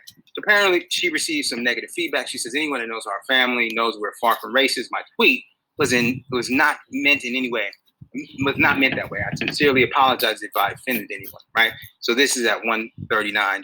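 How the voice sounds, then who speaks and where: A man giving a public talk to an audience, animated and full of rhetorical questions. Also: mid-range voice, fairly quick, a little hiss or hum, poor audio. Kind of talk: public lecture.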